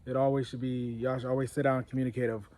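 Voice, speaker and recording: A man co-hosting a casual couple's chat, his voice warm and mellow. He talks in a loose, rambling way, drifting through his advice to viewers at an easy pace. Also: mid-range voice, flat delivery, racing. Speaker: co-host.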